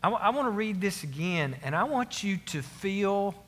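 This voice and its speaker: A pastor preaches a sermon to his congregation, earnest and emphatic, repeating his key phrases. His voice sits high with lively intonation, a bit bright, at a moderate pace, and a long reverb tail follows his words.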